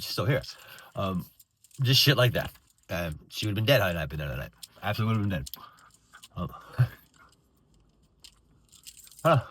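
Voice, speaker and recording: A man in his thirties rants in an angry, profane stream, words spilling out fast and tumbling over restarts. His voice sits on the low side, and a faint hiss runs under it. The delivery is bitter and unscripted throughout. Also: fairly bright tone. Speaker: veteran vlogger.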